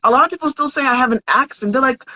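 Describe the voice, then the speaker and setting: A woman's voice: high-pitched, very fast, pushed and bright, no echo. A woman in her thirties, a podcast guest and content creator, chatting earnestly and restarting her sentences. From United States. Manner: earnest, chatty, repeats words as she starts. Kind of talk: casual interview chat. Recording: dry, dull lo-fi audio.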